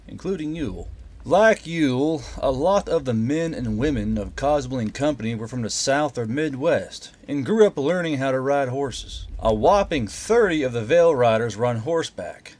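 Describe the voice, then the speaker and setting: A man reads a story aloud as narrator, keeping the telling steady and even. His voice sits in an ordinary middle register for a man. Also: medium pitch. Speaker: audiobook narrator. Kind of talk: scripted narration.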